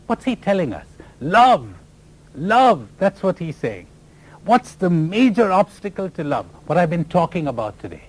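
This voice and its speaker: A man's voice: high voice, big pitch swings, moderate pace, poor audio. A man from India, giving a spiritual lecture full of stories and laughing at his own jokes. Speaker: spiritual teacher.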